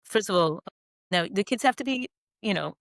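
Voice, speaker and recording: A middle-aged woman guest telling stories in an interview, animated and quick to laugh, with many you-knows. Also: mid-range voice, gravelly, dry recording, poor audio. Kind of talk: conversational storytelling interview.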